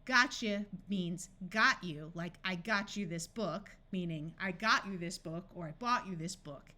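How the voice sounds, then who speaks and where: Female phonics tutor: slow, measured delivery, bright tone, precise enunciation for young readers. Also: lowish voice. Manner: slow, deliberate enunciation of sounds and words. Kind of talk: scripted phonics lesson.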